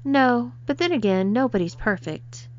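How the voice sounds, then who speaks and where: A woman's voice: fairly high pitch, animated, normal speed, pitched above the performer's own voice, natural voice. Brief: woman reading as a stern, commanding lady of the house; cool authority, muffled lo-fi sound. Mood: imperious. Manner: imperious, cool. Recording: slightly dull lo-fi recording.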